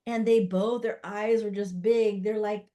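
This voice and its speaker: A middle-aged woman, a doula, telling stories in a casual interview, animated and full of fillers as she acts out what others said. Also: mid-range voice, unhurried. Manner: animated, acts out quoted voices with many fillers. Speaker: guest, doula and spirit baby psychic.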